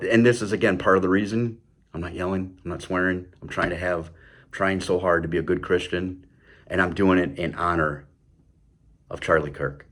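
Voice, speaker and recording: A man's voice: sits low, steady tone, moderate pace, a bit bright. A man hosting his own show, delivering an impassioned political commentary monologue, heated and stumbling over repeated words, with mocking sarcastic asides. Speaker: show host.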